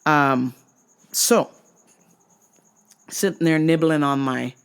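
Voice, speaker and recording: A woman's voice: low-pitched, takes it slowly, smooth. A woman hosting her own vlog, telling a travel story as an exasperated, profanity-laced rant. She stretches out words for emphasis. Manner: profane, exasperated, animated retelling. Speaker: vlog host.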